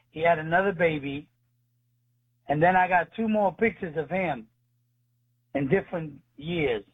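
A man's voice: on the high side, breathy edge. A man telling his faith testimony as a guest, speaking earnestly and acting out the dialogue. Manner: earnest, retells dialogue with voices. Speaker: ministry leader, guest. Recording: tinny phone line.

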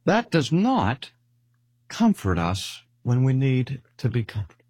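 An older man preaching a sermon, measured and deliberate, slowing down to stress key words. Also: mid-range voice, wildly swooping pitch, darkish tone, husky, no echo, clean studio sound. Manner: measured, with slow emphatic pauses. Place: speaking at a cancer hospital.

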